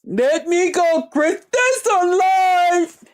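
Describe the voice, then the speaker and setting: A shrill, whining jealous woman, pitched way up and nagging with fake tears in her voice, as a vlogger puts her on to mock her. The delivery is exaggerated and sneering. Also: expressive, very slow, heavily acted. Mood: whiny. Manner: high, nagging, mock-tearful. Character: whiny jealous woman rival, mocked.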